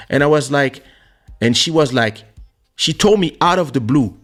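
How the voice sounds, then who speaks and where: A man hosting a casual talk show, telling personal stories in an animated way and acting out the voices of the people he quotes, into a studio microphone. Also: mid-range voice, fairly quick, vocal fry, faint music behind. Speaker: podcast host. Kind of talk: casual storytelling chat. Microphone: streaming studio microphone.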